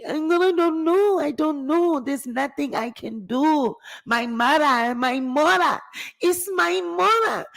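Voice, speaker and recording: A woman's voice: high voice, pitched above the performer's own voice, poor audio. Woman playing a weary adult son; helpless, pleading delivery. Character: weary adult son torn between mother and partner.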